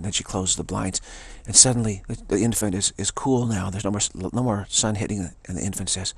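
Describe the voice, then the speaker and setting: A man giving a rambling spiritual talk, digressive and halting, restarting his sentences often. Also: fairly low pitch, gravelly, breathy edge, no echo. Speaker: spiritual teacher. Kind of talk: rambling spoken monologue.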